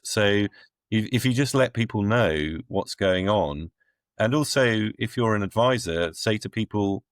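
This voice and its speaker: A middle-aged man with a deep, low-pitched voice speaks as an interview guest. He talks bluntly and plainly, with dry, wry asides and firm opinions. The sound is close and dry, with no room echo. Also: normal speed. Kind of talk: conversational interview answers.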